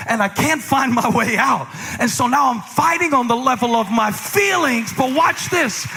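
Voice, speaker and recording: A middle-aged male pastor preaching a sermon, swinging between shouted lines and hushed, joking asides. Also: very high voice, expressive, moderate pace, creaky, hardly any pauses, husky.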